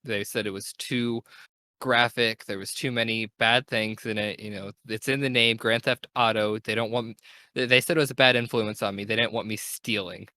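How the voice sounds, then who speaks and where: A man's voice: lowish voice, steady tone, normal speed, sharp tone, no echo. A young man hosting a casual gaming podcast, talking in an enthusiastic, rambling way and correcting himself as he goes. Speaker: podcast host.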